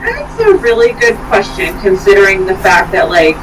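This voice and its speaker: A woman co-hosting a casual chat, a relaxed and supportive listener. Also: mid-range voice, moderate pace. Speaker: podcast co-host. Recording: distant mic with background noise.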